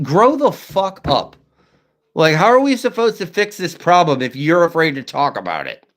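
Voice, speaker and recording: A man's voice: fairly high pitch, fairly bright tone. A man hosting a casual livestream chat, talking bluntly and with lots of swearing, and stuttering at times. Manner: blunt, profane, ranting. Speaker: livestream host.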